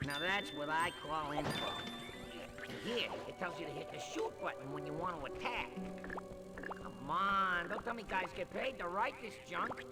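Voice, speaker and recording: High wisecracking frog-like game sidekick. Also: male voice, moderate pace. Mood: chatty. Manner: sarcastic, joking, fourth-wall-breaking. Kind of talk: video game cutscene voice acting. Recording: game audio with music underneath.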